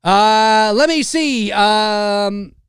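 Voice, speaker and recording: Casual male livestream host, rambling and reading viewer comments, smooth voice, dry sound. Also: high voice, very slow, a bit bright, no echo.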